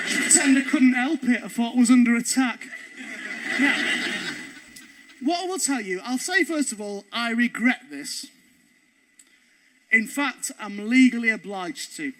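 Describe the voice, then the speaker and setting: A man's voice: very high-pitched, measured pace, long pauses, background noise. A man telling a cheeky, swearing stand-up story to an audience. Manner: animated, cheeky, swears freely. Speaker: stand-up comedian.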